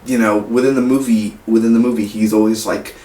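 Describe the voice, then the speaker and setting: A man's voice: on the low side, steady tone, brisk, dark tone. A man reviewing a movie in casual talk, rambling with many fillers and restarts. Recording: roomy echo, mic far off, faint hiss.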